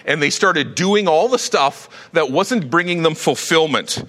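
A middle-aged male pastor preaching a sermon in a conversational, animated way, often restarting his sentences. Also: a little high, normal speed, few pauses, in a large hall.

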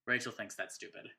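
A man co-hosting a podcast in casual chat, animated and jokey, quick to laugh. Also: medium pitch, gravelly. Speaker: podcast co-host.

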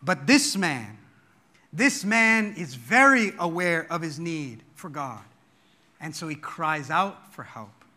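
Bright-voiced male pastor preaching with emphasis. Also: on the high side, expressive, slow pace. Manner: emphatic, rises and drops in volume to stress points. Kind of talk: sermon.

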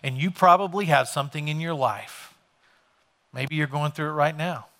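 Bright-voiced male pastor preaching. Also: on the high side, normal speed. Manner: conversational storytelling, retelling scripture in everyday words. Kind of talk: sermon.

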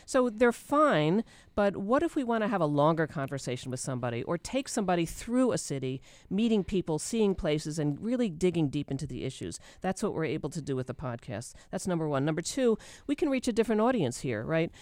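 A podcast co-host giving animated, explanatory answers in a radio interview. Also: mid-range voice, a little fast, few pauses, no room sound.

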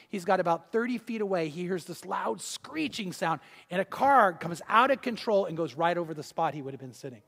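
A man preaching a sermon, telling a story and swinging between loud and hushed delivery. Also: sits high, long reverb tail. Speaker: pastor. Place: church hall.

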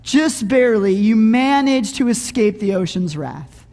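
Animated middle-aged preacher in an echoey hall. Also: male voice, high voice, unhurried, gravelly. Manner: animated, conversational, often asks "right?". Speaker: pastor. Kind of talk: sermon with humorous storytelling.

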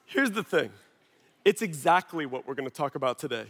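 A man in his thirties, a pastor preaching a sermon through an animated personal story full of quick asides. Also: fairly high pitch. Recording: long hall reverb.

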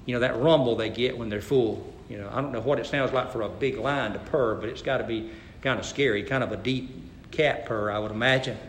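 A man preaching a sermon as pastor, swinging between hushed low lines and loud, emphatic exhortation. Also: a little fast, reverberant, a little hiss or hum.

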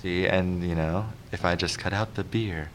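A man co-hosting a casual podcast, joking and laughing often with deadpan complaints. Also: deep voice, moderate pace, a little hiss or hum. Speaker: podcast co-host.

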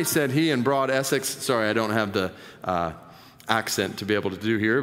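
A man's voice: lowish voice, brisk, fairly bright tone, long reverb tail. A man preaching a sermon, reading a quoted conversion story aloud with earnest, emphatic delivery.

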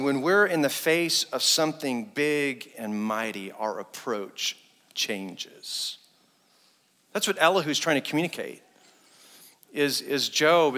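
Male pastor, bright, forceful sermon delivery, echoing church hall. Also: mid-range voice. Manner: animated preaching, acting out quoted speech. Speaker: associate pastor. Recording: long reverb in a church hall.

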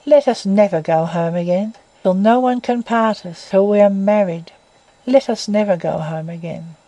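A woman reading the part of an earnest young man who pleads with his love in a slow, deep tone. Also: dark tone, dry recording, close to an everyday voice, poor audio. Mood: decided. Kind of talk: audiobook reading.

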